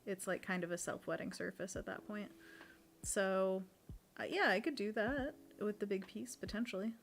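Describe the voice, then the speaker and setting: A woman's voice: mid-range voice, steady tone, moderate pace, slight background noise. A young woman co-hosting a painting livestream, chatting casually and playfully with frequent giggles. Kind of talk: casual chat while painting. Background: faint music.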